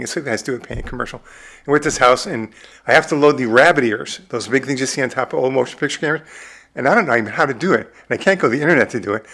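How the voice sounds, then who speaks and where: Older midwest guy rattling off film stories quick, mid-pitched voice, really animated. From American Midwest. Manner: animated storyteller who acts out his own quotes. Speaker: film director and producer, interview guest. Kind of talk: casual storytelling interview.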